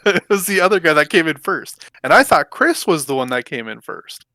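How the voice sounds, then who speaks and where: A man with a bright, forward voice co-hosts a casual gaming podcast, laid-back as he recounts fights from his games. His voice is recorded dry and close. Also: a little high, big pitch swings, a little fast, dry recording. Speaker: podcast co-host.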